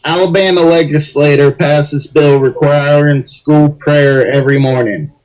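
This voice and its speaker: A man's voice: a little high, steady tone, unhurried, a little mellow, rough recording. A young man co-hosting a casual podcast, blunt and profane, reacting to the news with disbelief. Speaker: podcast co-host. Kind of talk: casual chat.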